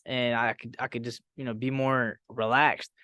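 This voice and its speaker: A man talking casually as a podcast guest, halting and searching for words with casual slang. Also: mid-range voice, level tone, pushed and bright, dry recording. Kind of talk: casual chat.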